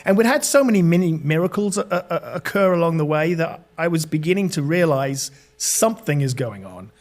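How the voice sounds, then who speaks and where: A man's voice: on the high side, lively intonation, brisk. A middle-aged British man, a podcast guest, telling a long story with many fillers and restarts. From Britain. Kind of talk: storytelling in interview.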